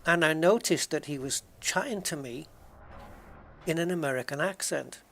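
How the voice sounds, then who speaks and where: A man with a fairly high-pitched voice talks casually while he plays a game. He rambles from one thought to the next and often starts his sentences over. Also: moderate pace, gravelly, a bit bright, a little hiss or hum. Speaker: game streamer. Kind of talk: casual chat while gaming.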